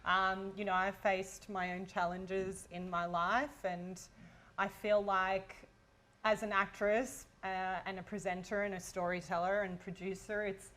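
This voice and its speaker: A woman's voice: medium pitch, flat delivery, measured pace, fairly bright tone. A woman who is an actress and presenter, co-hosting a casual panel chat in an earnest, heartfelt way.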